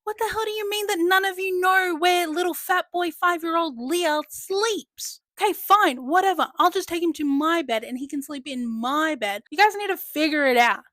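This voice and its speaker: A loud, bossy old nanny, voiced by a woman telling a story, scolding everyone around her. The voice is pitched up and the delivery is brisk. It sounds dry and close. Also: no room sound, close to an everyday voice.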